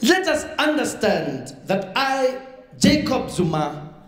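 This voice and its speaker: A comedian imitating a halting, pompous president. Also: male voice, very high-pitched, big pitch swings, fairly bright tone, voice pushed up, exaggerated voice. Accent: South African. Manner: slow, halting formal oratory. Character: pompous male president giving a slow speech. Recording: echoey room with clear noise.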